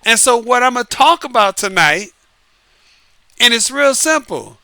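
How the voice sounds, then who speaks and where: A man hosting his own show as an author, giving a casual, lively monologue, repeating himself and laughing often. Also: extremely high pitch, measured pace, gravelly, no room sound. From United States. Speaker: podcast host and author. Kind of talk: casual late-night monologue. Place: Southern California.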